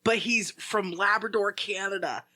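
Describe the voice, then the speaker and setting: A man's voice: high voice, normal speed, pushed and bright, no echo. A man co-hosting a casual podcast chat, telling a rambling story full of "like". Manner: rambling storyteller, heavy use of "like". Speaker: podcast co-host.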